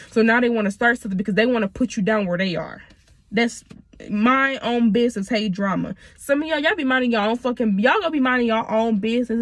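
A young woman from Michigan giving a casual tarot reading to her viewers, swearing freely and calling them y'all. Her voice sits a little high, and she is a bit under the weather. The sound is dry and close, with no room around it. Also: no echo. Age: 20s. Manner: blunt, profane and chatty, addressing viewers as y'all. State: sick. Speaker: tarot reader.

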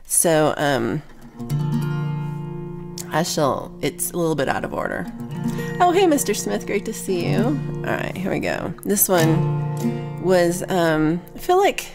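A woman from Texas hosting her weekly livestream song show, chatting casually with viewers in a bubbly way, with quick asides and frequent laughs. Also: fairly low pitch, very animated, gravelly, over music.

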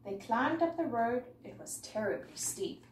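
A woman's voice: a little high, measured pace. Woman storyteller, sing-song rhyming read-aloud, roomy sound, mic far off. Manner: lively, sing-song rhythm. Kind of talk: reading a rhyming picture book aloud. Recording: echoey room, mic far off, faint noise.

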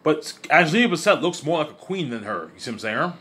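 A man rambles at speed in a lively, sing-song voice that sits a little high for a man. He repeats himself, trips over words and swears freely as he gets carried away. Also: quick pace. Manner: excitable, repetitive, swears freely; stumbles and restarts often. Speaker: vlogger. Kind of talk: casual rambling monologue.

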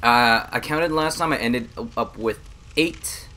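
A man giving jokey, self-mocking let's-play commentary, yelping and shouting at the game as he plays into a desk mic. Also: medium pitch, slow pace, slight background noise. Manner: excitable, yelps and shouts at the game. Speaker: gamer streaming a challenge video. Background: game music.

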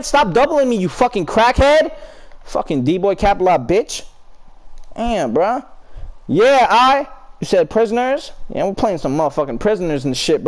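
A young man streaming a basketball game, trash-talking teammates and chatting with viewers in a heated, profane way. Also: high voice. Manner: talks to teammates and chat between plays. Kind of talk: live gameplay commentary and chat talk.

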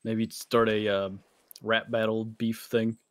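A man's voice: on the low side, completely flat delivery, slow, dry recording, studio quality. A man guest streamer chatting casually and trading wry banter.

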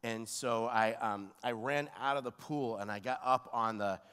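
A man preaching as a guest pastor, telling a story and acting out the voices, dropping to a hush and then rising to loud cries. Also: mid-range voice, normal speed, clean tone. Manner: animated, acts out voices, swings between hushed and shouting. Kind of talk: storytelling sermon. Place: large church hall. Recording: long hall reverb.

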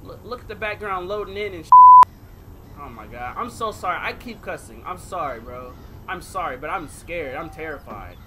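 A man's voice: on the high side, expressive, normal speed, noisy background. A man doing horror game commentary as a gaming video creator, jumpy and talking to viewers, yelping and swearing at the scares.

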